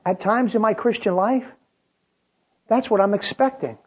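A preacher delivering a sermon, shifting between loud, dramatic outbursts and quiet, drawn-out phrases. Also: medium pitch, husky, highs cut off.

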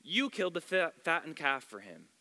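A man doing an indignant older son, resentful, complaining, sharp bright tone, hall reverb. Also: a little high, sing-song, normal speed, voice pushed up, exaggerated voice. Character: resentful, angry older brother, grown man.

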